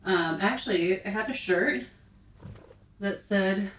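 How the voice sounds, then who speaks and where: A young woman in her twenties giving casual, excitable commentary while playing a VR game, bursting into squeals and laughter when startled. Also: medium pitch, takes it slowly. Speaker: VR gaming YouTuber.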